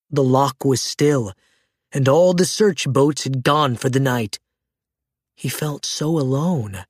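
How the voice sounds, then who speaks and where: A narrator reading a children's story aloud with an expressive, shifting delivery. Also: medium pitch, no room sound, clean studio sound. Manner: expressive, shifting between hushed and excited tones.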